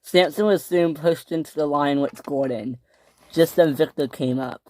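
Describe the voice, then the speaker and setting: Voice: medium pitch, moderate pace, a little mellow, slight background noise. Casual toy train story narrator. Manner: loose storytelling with restarts.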